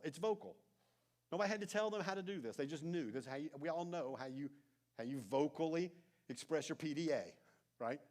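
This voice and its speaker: A man preaching a sermon as pastor, telling a story with animated emphasis and then dropping into soft, intense asides. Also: fairly high pitch. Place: church sanctuary.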